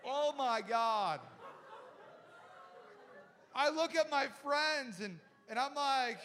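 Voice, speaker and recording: A man, a pastor, telling a humorous story in a sermon, chatty and animated, acting out the people in it. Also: very high-pitched, takes it slowly, pauses often, long reverb tail, a faint crowd. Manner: animated, acts out voices of people in his story; chatty, with many "like" and restarts.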